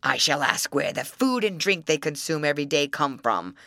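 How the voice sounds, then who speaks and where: A woman putting on a slow booming old troll. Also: expressive, fairly bright tone, no echo, clean studio sound. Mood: menacing. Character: gruff old male troll, scheming master.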